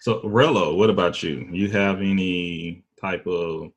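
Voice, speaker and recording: A man with an East Texas accent, talking in a slow, laid-back drawl while hosting a casual chat. His voice sits fairly low and has a husky edge. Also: highs cut off. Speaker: podcast host.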